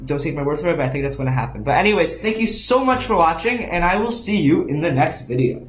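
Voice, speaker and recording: A man's voice: on the high side, lively intonation, quick pace, soft background music. A young man teaching card sleights in a casual, rambling way, often restarting and correcting himself. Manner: rambling, self-correcting, many restarts and ums. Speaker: magic tutorial host. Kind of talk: casual instructional walkthrough. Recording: echoey room.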